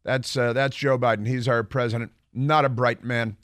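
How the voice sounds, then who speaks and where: A man's voice: medium pitch, steady tone, normal speed, fairly bright tone, no room sound, clean studio sound. Sarcastic male talk radio host. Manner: sarcastic, rambling, mocking asides. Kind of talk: political talk radio monologue.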